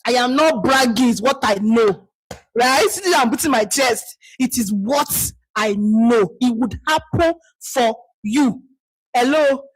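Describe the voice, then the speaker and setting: A woman's voice: on the high side, takes it slowly, slightly rough, poor audio. A woman with a Nigerian accent leading an online community call, talking bluntly and scolding her listeners. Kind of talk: live call talk to members.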